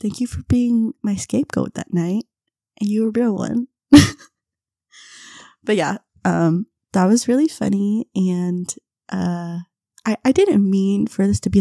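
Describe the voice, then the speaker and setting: A young woman hosting a podcast, telling a casual story with frequent laughs and quick impressions of her friends. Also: medium pitch, dark tone, dry recording, studio quality. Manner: chatty, laughs often, mimics friends in quotes. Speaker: podcast host.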